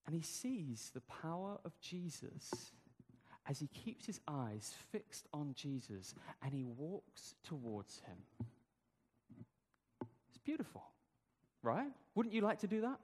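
A man's voice: fairly high pitch, very animated, takes it slowly, pauses often, long reverb tail, noisy background. A man preaching a sermon, telling the story conversationally with rhetorical questions.

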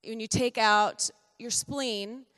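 Middle-aged woman, relaxed testimony at church, talkative and self-correcting, long hall reverb. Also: a little high, takes it slowly. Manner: chatty, self-correcting storyteller with light laughs. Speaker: pastor's wife giving a testimony.

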